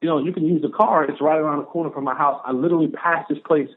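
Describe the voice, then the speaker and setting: A man telling a personal story in an interview, animated and acting out the dialogue he quotes. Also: a little high, fast. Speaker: podcast guest, former pro football player. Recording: narrow phone-like audio.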